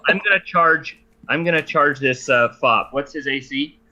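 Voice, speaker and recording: A male player talks through his attack in a casual, halting way, full of small restarts. His voice is bright and a bit sharp. The sound is dull and lo-fi, as if from a cheap mic. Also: on the high side. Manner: hesitant, with many fillers and restarts while describing his move. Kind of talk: casual play at a tabletop game.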